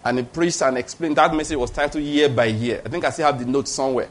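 A man's voice: medium pitch, steady tone, fast talker. A Nigerian man in his fifties preaching a sermon, emphatic, repeating key phrases and checking in with the congregation. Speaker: pastor.

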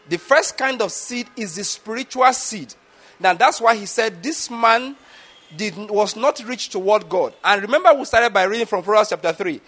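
High-voiced preacher man. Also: a bit bright. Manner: asks the audience rhetorical questions and checks understanding. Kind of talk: sermon teaching.

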